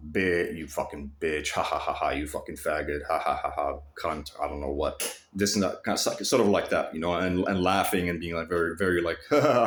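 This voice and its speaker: Male vlogger, low voice, animated storyteller who swears freely, echoey room. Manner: profane, animated, mimics others mockingly. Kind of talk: casual storytelling monologue.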